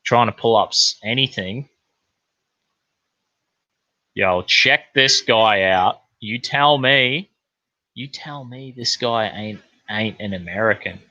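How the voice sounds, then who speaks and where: A man's voice: lowish voice, takes it slowly, long pauses, bright, forceful tone, no echo. A young man, hosting a podcast and rambling casually with plenty of swearing. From New Zealand. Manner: rambling, profane, laid-back. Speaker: podcast host. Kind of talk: casual monologue. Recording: dull, lo-fi, dry sound.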